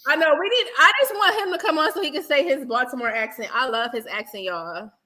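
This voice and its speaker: A woman's voice: sits high, quick pace, crowd noise. A woman co-hosting a podcast, chatting candidly and loosely with lots of slang. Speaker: podcast co-host. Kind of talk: casual chat.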